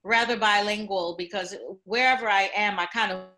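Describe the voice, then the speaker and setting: A woman from London with an American accent, chatting as a guest on a podcast interview, lively and quick to laugh. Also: medium pitch, a crowd in the background. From London, England. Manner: lively, laughs often, slips into playful voices. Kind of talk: casual interview chat.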